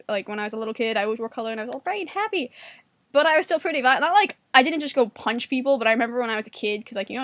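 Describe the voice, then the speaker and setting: Fast-talking sarcastic young woman. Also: fairly bright tone, no echo. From New York. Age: 20s. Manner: acts out quotes in a higher voice. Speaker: vlogger. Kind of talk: casual monologue to camera.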